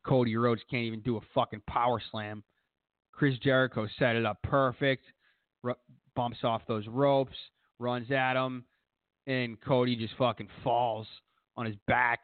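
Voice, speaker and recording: A man's voice: medium pitch, little pitch movement, measured pace, no room sound. A man chatting loosely on a podcast, swearing constantly as he rambles through a story. His voice comes through thin and phone-like, with a dry, close sound and no room around it. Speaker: podcast co-host. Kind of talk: casual chat.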